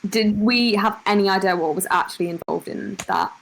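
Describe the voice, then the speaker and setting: Hesitant woman player, mid pitch, chatty and unsure. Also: brisk, rough recording. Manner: hesitant, thinking aloud with fillers. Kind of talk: casual chat at a game table.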